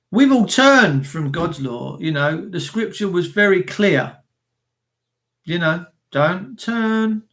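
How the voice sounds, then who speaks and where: A man's voice: high-pitched, a bit bright. A man ranting angrily on a live stream, swearing often, stumbling over his words and reading out comments from viewers. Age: adult with children. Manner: angry, profane, stammering rant. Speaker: livestreamer reading chat.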